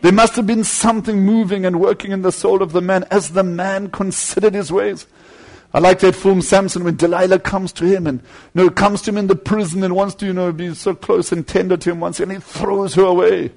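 Male preacher, high voice, husky, fervent sermon delivery, loud climbs and low asides. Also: steady tone, brisk.

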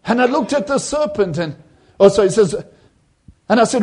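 A man preaching a sermon and recounting a vision. His voice sits high but has a mellow, dark warmth. A husky grain runs through it as he leans into the quoted voices with emphasis. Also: lively intonation, moderate pace, long pauses.

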